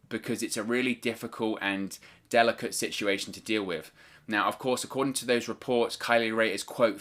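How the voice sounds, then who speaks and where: A man's voice: on the low side, a bit bright. A man giving solo wrestling news commentary as a vlogger, talking hesitantly and repeating words as he chooses them carefully.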